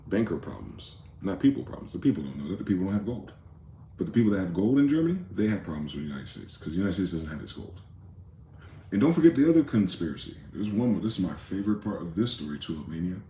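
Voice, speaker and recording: A man's voice: low-pitched, very animated, fast talker, dark tone, roomy sound, a little hiss or hum. A man hosting a rambling late-night monologue, profane and conspiratorial in tone, with many asides. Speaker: host.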